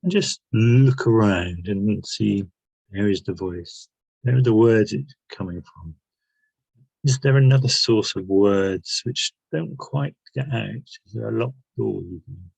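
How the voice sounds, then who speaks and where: A man leads a guided self-help session, posing one reflective question after another and often pausing to restart his sentences. His voice is husky and lowish, and he speaks very unhurriedly. The sound is close and dry. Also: darkish tone, no echo, dull audio. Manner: reflective, asks many questions, pauses and restarts. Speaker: workshop leader.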